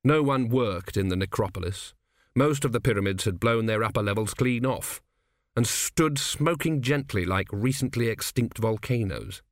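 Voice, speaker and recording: A man reading an audiobook aloud in a measured, wry storytelling manner. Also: on the low side, dry recording, studio quality. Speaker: audiobook narrator. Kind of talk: scripted narration.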